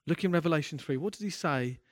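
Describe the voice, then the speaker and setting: Man, pastor, preaching a sermon, earnest, impassioned, stumbling restarts, fairly high voice, dry recording. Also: expressive, fast, no echo. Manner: earnest, impassioned, with frequent restarts and rising intensity.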